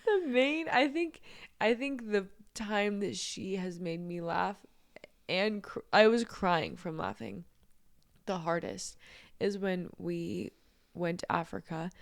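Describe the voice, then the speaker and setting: A young woman co-hosting a podcast tells a funny story in casual conversation, laughing often and swearing freely. Her voice is medium-pitched, slow, and creaky.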